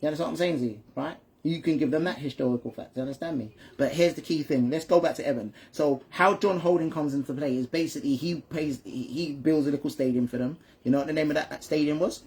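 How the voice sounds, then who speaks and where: A man's voice: on the high side, quick pace, few pauses, darkish tone, slightly rough. A father telling his son football history in a casual chat, often checking in with "right?" and "you understand me?". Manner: repeats and restarts words when stumbling. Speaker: father and channel host.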